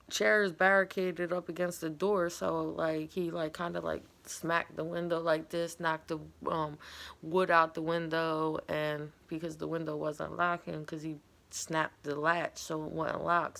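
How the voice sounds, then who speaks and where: Gravelly-voiced woman telling a personal story. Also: fairly low pitch, pushed and bright. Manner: candid, rambling, filler-heavy retelling. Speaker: vlogger.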